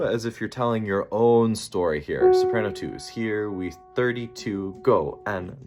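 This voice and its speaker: Man, choir director, counts beats aloud, demonstrates sounds, unhurried delivery. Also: fairly low pitch, lo-fi sound. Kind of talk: choir rehearsal coaching. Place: rehearsal room with piano. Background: loud piano.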